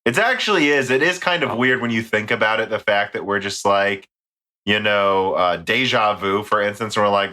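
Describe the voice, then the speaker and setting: A man's voice: lowish voice, moderate pace, pushed and bright. An American man hosting a casual tech podcast, rambling and joking as he reads listener mail. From United States. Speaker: podcast host.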